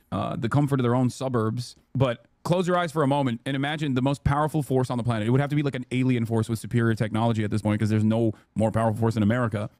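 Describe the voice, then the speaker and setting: A man's voice: mid-range voice, a little mellow, no room sound, clean studio sound. A man talking casually on a livestream clip, dismissive and full of fillers. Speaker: political streamer. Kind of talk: casual streamed talk.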